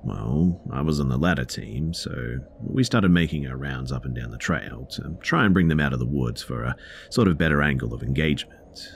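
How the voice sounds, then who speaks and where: A man narrating submitted true scary stories in a calm, low-key storytelling delivery. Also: moderate pace, a little hiss or hum. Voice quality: very deep gravelly voice. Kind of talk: scripted horror story narration.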